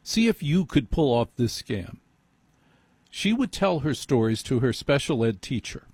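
A man's voice: medium pitch, very animated, measured pace, darkish tone, slightly rough, dry recording. A middle-aged man hosting a call-in radio talk show, blunt and opinionated, talking with emphatic asides.

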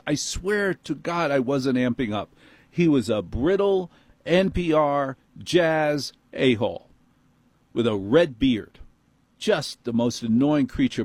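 A man's voice: medium pitch, darkish tone, husky, no echo. Exasperated middle-aged New York man ranting. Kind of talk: comic monologue.

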